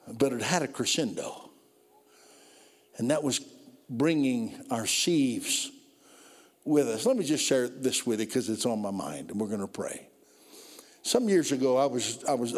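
A man preaching a sermon, telling stories and building from low, quiet passages to loud, drawn-out climaxes. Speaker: pastor. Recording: long reverb of a hall.

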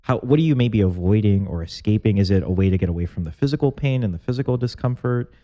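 A man co-hosting a casual chat show, reflective and gently probing in his questions, with a touch of humor. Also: on the low side, animated, quick pace, highs cut off. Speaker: podcast co-host. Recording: faint guitar music underneath.

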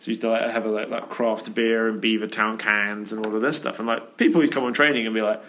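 A man's voice: lowish voice, little pitch movement, fast, hardly any pauses, a bit bright. Rambling man hosting a podcast. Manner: rambling anecdotal storytelling with fillers. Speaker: podcast host. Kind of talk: casual podcast chat. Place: office.

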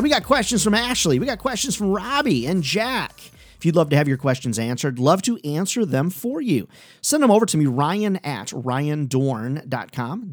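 A man's voice: on the high side, no room sound, clean studio sound. Upbeat man hosting a sales podcast. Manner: energetic, upbeat and conversational. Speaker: sales trainer and podcast host. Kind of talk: solo podcast talk.

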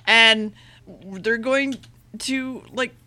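Woman, podcast co-host, bright voice, fast rambling recap, swears a lot. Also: fairly high pitch. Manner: rambling, profane recap with loose paraphrased dialogue; rushes her words. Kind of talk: casual chat.

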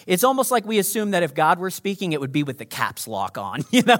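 A male pastor delivers a sermon with lively, expressive pitch. He swings from loud, punchy emphasis down to hushed whispers. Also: fast. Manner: animated, swings from shouting to whispering.

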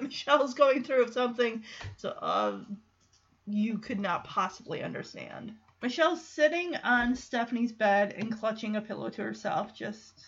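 A woman's voice: on the high side, highs cut off. A woman hosting a podcast, casually recapping a TV episode and acting out the characters' lines. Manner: animated retelling with acted-out quotes. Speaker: podcast host.

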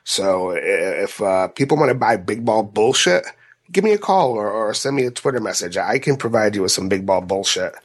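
A man co-hosting a podcast in casual chat, halting and often repeating his words as he talks. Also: lowish voice, expressive. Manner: halting, with frequent word repeats. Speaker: podcast co-host.

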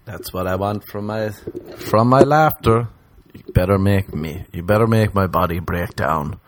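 A man, rambling through a jokey comedy monologue and jumping into high put-on voices. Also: normal speed. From Ireland.

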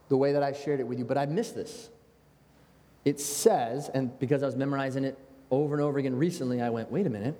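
Animated American pastor preaching in a reverberant hall. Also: male voice, a little high. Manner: animated, conversational preaching with quoted asides. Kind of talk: sermon.

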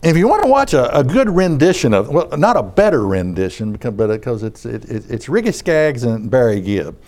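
A man's voice: medium pitch, sing-song, fairly quick, a little mellow. A man preaching a sermon in front of a congregation, talking in a conversational way and often repeating his phrases.

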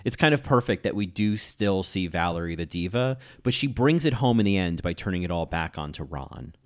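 Low, lively-voiced man, TV critic reading a scripted essay, analytical. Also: fairly quick. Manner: analytical, admiring. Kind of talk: scripted video-essay narration.

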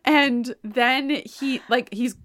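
A woman hosting a podcast, chatty and animated, retelling an opera plot in casual talk full of "like". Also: sits high, takes it slowly, dry recording. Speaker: podcast host.

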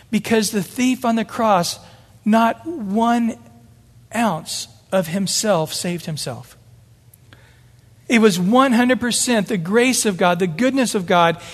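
A man preaching from the pulpit in a fairly high voice, earnest and emphatic. He stacks up repeated phrases to drive his points home. His words ring out with a long reverb, as in a big church hall. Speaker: pastor. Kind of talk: sermon.

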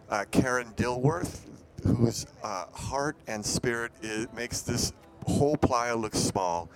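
A man officiating an outdoor wedding, relaxed and joking, introducing speakers. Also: medium pitch. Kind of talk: ceremony hosting. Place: outdoor desert gathering. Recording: outdoor event with steady background noise.

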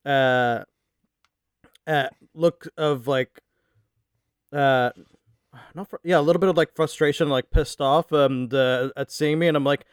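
A man's voice: fairly high pitch, steady tone, measured pace, long pauses, clear, resonant tone, dry recording, clean studio sound. A man as a player in a tabletop game, talking loosely with lots of fillers. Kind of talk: casual tabletop role-play.

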